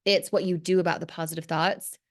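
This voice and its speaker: A woman hosting a business coaching talk, emphatic and expressive, mocking clichés with playful mimicry. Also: fairly low pitch, brisk. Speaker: host.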